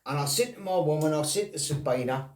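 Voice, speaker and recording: A man's voice: fairly high pitch, animated, brisk, a little mellow. A blunt, rambling man chatting casually to camera as a vlogger, swearing and laughing in disbelief. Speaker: vlogger on snaring and trapping. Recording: roomy, from a distance.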